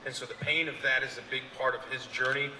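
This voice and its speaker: A man answering heartfelt and halting as an actor on a convention panel. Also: medium pitch, fairly even intonation, pushed and bright, a little hiss or hum. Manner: halting, heartfelt, searching for words. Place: large convention hall stage. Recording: echoey hall with long reverb.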